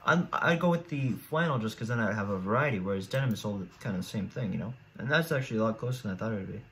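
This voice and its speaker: A man's voice: on the low side, lively intonation, rapid-fire, a bit bright. A teenage boy in casual solo commentary, rambling and thinking aloud with frequent restarts as he weighs each choice. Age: teens. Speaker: YouTuber.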